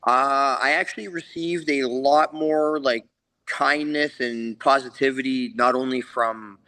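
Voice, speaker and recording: A man in his thirties, a fighter answering interview questions in a relaxed, rambling way with lots of fillers. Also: medium pitch, measured pace, clean tone, no echo, low-quality recording. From Canada. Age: 30s. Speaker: MMA fighter, guest.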